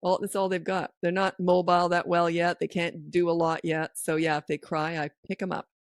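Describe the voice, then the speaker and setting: A woman's voice: lowish voice, flat delivery, fairly quick, dry recording, studio quality. A middle-aged woman hosting a parenting podcast, giving down-to-earth advice and telling stories that act out what people said. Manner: anecdotal, down-to-earth, acts out quoted lines. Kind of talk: casual advice chat.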